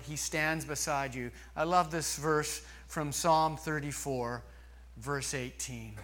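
Male pastor, sermon delivery, slow and deliberate, bright tone. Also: fairly high pitch. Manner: slow, earnest preaching with long pauses.

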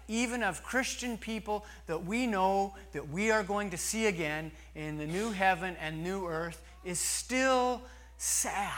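A man preaching a sermon slowly and earnestly, with long pauses. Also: sits high, fairly bright tone. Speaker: pastor.

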